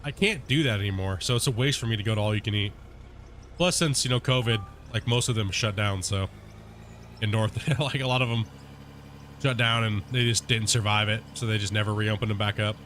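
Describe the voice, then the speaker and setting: A man streaming a game, chatting casually with his viewers in a relaxed, rambling way full of fillers. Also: on the low side, fairly quick, a little hiss or hum. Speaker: gaming streamer. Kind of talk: casual chat with live viewers while playing.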